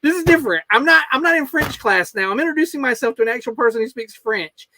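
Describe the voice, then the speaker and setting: A man's voice: very high voice, animated, quick pace, pushed and bright, slight background noise. A man hosting a podcast in casual chat, blunt and swearing freely. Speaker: podcast host.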